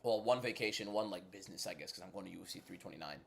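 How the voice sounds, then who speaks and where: Deep-voiced and rapid-fire with vocal fry, the MMA livestream host runs a casual fight watchalong and fires blunt banter back at his chat. He goes from a low-key inside voice to loud, hyped bursts.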